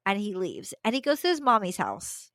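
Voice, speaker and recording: A woman's voice: medium pitch, wildly swooping pitch, moderate pace, fairly bright tone, dry recording. A young adult woman, a podcast host, retelling a story casually with slangy asides and frequent laughter.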